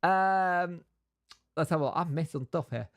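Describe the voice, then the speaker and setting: A man's voice: on the high side, a little slow. A man hosting a casual live stream, greeting viewers by name and reading out news between chat.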